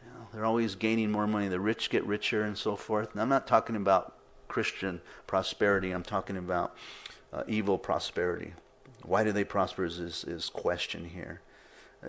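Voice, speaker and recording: A man's voice: deep voice, level tone, moderate pace. A middle-aged man pastor giving a conversational sermon, with frequent fillers and repeated words.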